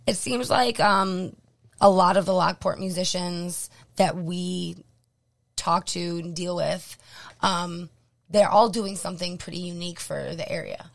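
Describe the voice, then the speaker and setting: Hoarse woman radio co-host, gravelly. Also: lowish voice, steady tone, a little slow. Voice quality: gravelly, throat-clearing. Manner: blunt, joking, lots of ums. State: losing her voice, hoarse. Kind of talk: casual radio chat.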